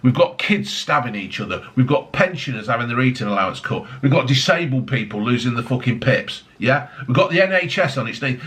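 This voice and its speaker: A man's voice: mid-range voice, sing-song, brisk, few pauses, fairly bright tone. A man ranting angrily on his vlog, swearing heavily, mocking people and piling on tag questions. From United Kingdom. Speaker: vlogger. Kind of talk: angry political rant.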